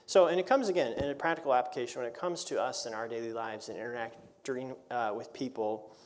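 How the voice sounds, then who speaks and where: Conversational pastor teaching Bible class. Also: male voice, mid-range voice, fast talker. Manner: conversational teaching with rhetorical questions; reads scripture aloud in older English.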